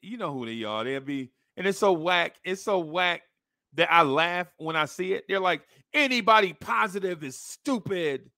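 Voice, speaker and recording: Man, podcast host, blunt slangy rant, mocking tone, bright edgy voice, slightly high pitch. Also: normal speed, no echo, clean studio sound. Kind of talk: opinion rant to camera.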